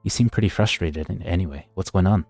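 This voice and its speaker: A man reading as a polite undercover agent who sounds careful and a bit hesitant. The voice is low and mellow. Faint music plays behind him. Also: fast talker, gravelly. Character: undercover male corporate agent, polite, wary.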